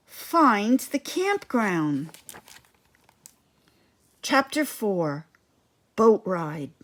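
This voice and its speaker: A woman reading a bedtime story aloud in an expressive way. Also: mid-range voice. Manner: slow, expressive. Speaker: storybook reader.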